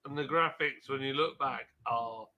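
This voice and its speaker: Bright, animated man chatting. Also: medium pitch, moderate pace, poor audio. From southern England. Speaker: guest. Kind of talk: casual chat.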